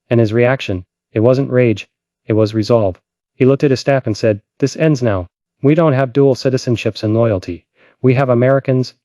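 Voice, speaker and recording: Male host, urgent and dramatic political commentary, warm low timbre, dry recording. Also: dry recording.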